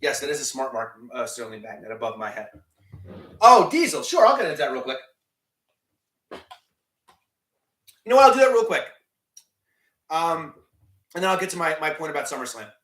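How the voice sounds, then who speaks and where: A man's voice: on the high side, sing-song, normal speed, long pauses, fairly bright tone, reverberant. A man hosting a live stream, chatting casually and rambling as he answers chat, often restarting his sentences. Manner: rambling, many restarts and fillers, reads chat questions aloud.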